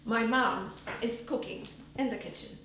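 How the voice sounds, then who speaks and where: A woman's voice: a little high, a bit bright. A woman performing an earnest solo theater monologue, recorded live on a small stage. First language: Polish. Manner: earnest storytelling, measured. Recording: live stage, roomy hall from far off, faint noise.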